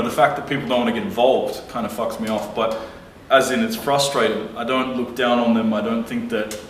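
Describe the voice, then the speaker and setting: Brief: male vlogger, blunt and foul-mouthed storyteller, mid-range voice, roomy sound with the mic set back. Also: medium pitch. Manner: blunt, profane, heated retelling. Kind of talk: casual storytelling to camera. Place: lives abroad. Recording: roomy, distant mic with faint noise.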